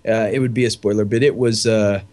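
A man in his thirties with young children, co-hosting a show in casual chat, excitable and rambling, laughing often. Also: fairly low pitch, a little fast. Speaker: co-host.

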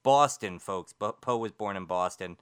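Smooth-voiced man co-hosting a radio chat. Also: lowish voice, lively intonation, normal speed, a bit bright. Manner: chatty, digressive, stumbles over words. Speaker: paranormal radio co-host.

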